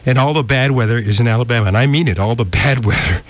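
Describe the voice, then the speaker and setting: A man giving a live weather update on the radio, slightly out of breath and halting, full of ums and uhs. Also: medium pitch. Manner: hesitant, lots of ums and uhs. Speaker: weather forecaster.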